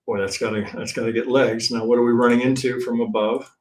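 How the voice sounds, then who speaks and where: A man teaching trading in a live-stream chart review, thinking aloud in a blunt, profane way and tagging his points with a quick "right?". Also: medium pitch, flat delivery. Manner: thinks aloud, counts waves, restarts often. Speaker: trading instructor.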